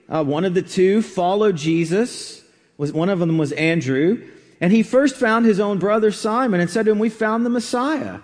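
A man with a high voice preaches in an easy, conversational way, often pausing with fillers and restarting phrases. His voice carries a long reverb, as if recorded in a large hall. The delivery is unhurried and explanatory. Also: a little mellow. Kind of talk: sermon.

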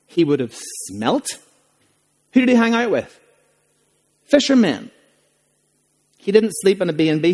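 With a slightly high, slightly mellow voice, a man delivers a sermon as a pastor, emphatic and heavy on rhetorical questions. The long reverb of a large hall surrounds the recording.

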